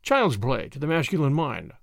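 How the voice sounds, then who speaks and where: A man playing a cheerful young male detective who talks in a brisk, self-satisfied way. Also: on the high side, big pitch swings, vocal fry, no room sound, studio quality, pitched below the performer's own voice. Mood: cheery.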